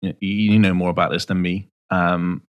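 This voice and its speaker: A man's voice: sits low, little pitch movement, moderate pace. A man co-hosting a casual podcast, speaking agreeably and often stopping to restart his sentences. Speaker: podcast co-host. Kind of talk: casual chat.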